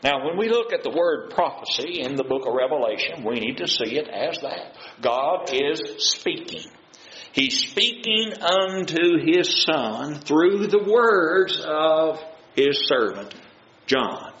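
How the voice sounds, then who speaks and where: A man's voice: on the high side, sing-song, takes it slowly, fairly bright tone. A man teaching a Bible study in sermon style, earnest and folksy, asking the listeners questions and answering them himself. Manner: plain, folksy paraphrase of scripture. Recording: roomy, dull sound with faint noise.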